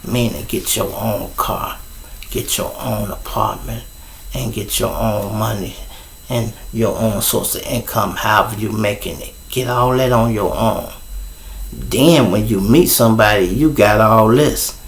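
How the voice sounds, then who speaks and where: A middle-aged man with a Chicago accent, hosting his show and telling a profane, animated story in a casual way. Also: on the low side, a little slow, gravelly, a little hiss or hum. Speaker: show host. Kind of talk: storytelling on a livestream.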